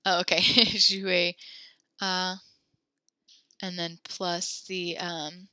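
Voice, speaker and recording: A young woman teaching a French class over a video call from home, upbeat and encouraging as she gently corrects her students. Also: on the low side, flat delivery, extremely slow, smooth, dry recording. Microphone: computer mic on a video call.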